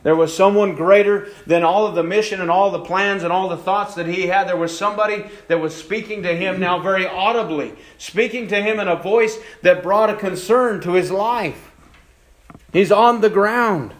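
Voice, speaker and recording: Male pastor, sermon, high-pitched, hushed-to-raised delivery, drawn-out emphasis, roomy church echo. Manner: preaching with wide swings between hushed and raised passages, slowing for emphasis. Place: church sanctuary. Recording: echoey church room.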